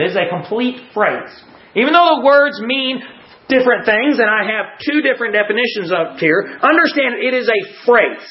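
A man preaching a sermon, explaining Greek word meanings in a conversational way and reading scripture aloud. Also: sits high. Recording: slightly muffled lo-fi recording.

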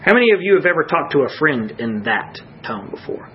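A man preaching a sermon to a congregation, rising to emphatic peaks and dropping to hushed low lines. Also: big pitch swings, fairly quick, few pauses, highs cut off, slight background noise.

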